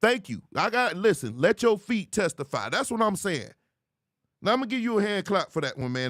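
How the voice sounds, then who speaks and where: A man hosting a commentary show on viral clips, animated and mocking, laughing often and jumping into high squeals to ridicule. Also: brisk, over a noisy crowd. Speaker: host.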